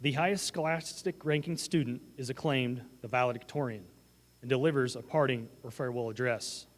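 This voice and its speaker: A man's voice: medium pitch, brisk. Man announcing formally in a gym. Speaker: ceremony announcer. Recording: long echo of a large gym.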